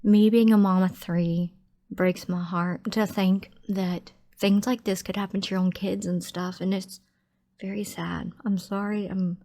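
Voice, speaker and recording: A woman hosting a true crime channel, speaking softly and emotionally to her viewers. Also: medium pitch, flat delivery, measured pace. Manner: soft-spoken, emotional, heartfelt. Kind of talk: casual outro to viewers.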